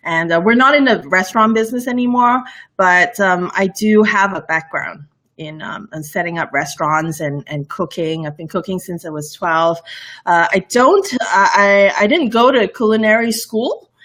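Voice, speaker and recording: A woman's voice: medium pitch, moderate pace, fairly bright tone. Brief: young woman from Borneo, blended international English accent, rambly and laughing, interview guest. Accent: mixed international English. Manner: rambling, many fillers and restarts, laughs often. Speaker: cooking show host, guest. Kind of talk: casual interview chat.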